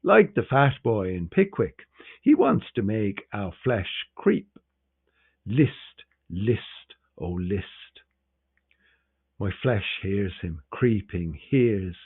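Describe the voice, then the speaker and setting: Guy doing a dry sarcastic critic, theatrical, lowish voice, lo-fi phone sound. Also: big pitch swings, very slow, slightly rough, full character voice. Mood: mocking.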